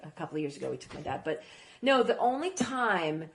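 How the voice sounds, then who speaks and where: A woman guest who grew up in Iraq, telling stories in a casual interview, rambling with quick asides. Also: lowish voice, sing-song, gravelly.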